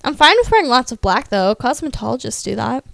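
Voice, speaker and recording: A woman's voice: fairly high pitch, big pitch swings, brisk, creaky, no room sound. A young adult woman vlogging in a casual, rambling way, with lots of "like" fillers and self-deprecating asides. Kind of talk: casual chatty vlog.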